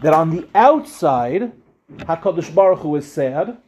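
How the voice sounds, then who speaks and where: High-voiced rabbi giving a Talmud class. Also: male voice, very animated, a little mellow, lo-fi sound, a little hiss or hum. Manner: translates and explains each phrase, slows down on Aramaic quotes; asks questions and answers them himself. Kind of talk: Talmud lecture.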